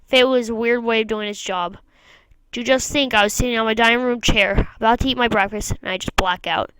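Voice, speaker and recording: Woman gamer reading a visual novel aloud, smooth clear voice, dry recording, plain narration with wry asides. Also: on the high side, steady tone, brisk, a bit bright, no room sound, low-quality recording.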